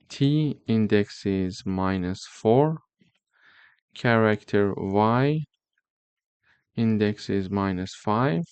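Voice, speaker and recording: Slow, deliberate male coding tutor. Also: lowish voice, a little mellow, smooth, no room sound. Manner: slow, step-by-step explaining with repeated "okay?" checks. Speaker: programming teacher. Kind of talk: screen-recorded coding tutorial.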